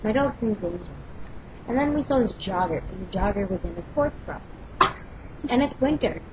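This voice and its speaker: A young woman vlogging casually, loud and brash, swearing freely and rambling through quick stories. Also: mid-range voice, expressive. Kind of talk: casual chat and storytelling. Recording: lo-fi home recording with background noise.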